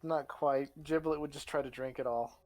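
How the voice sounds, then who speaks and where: A man playing in a casual online tabletop game, cheerful and quick to laugh. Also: medium pitch, fairly even intonation, darkish tone. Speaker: player. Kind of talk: casual tabletop role-play.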